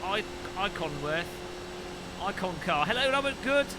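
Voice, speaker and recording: A man's voice: high-pitched, big pitch swings, moderate pace, background noise. A man live-streaming a racing game, chatting jokily with viewers in a casual way. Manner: jokey, chats with viewers, mock French phrases.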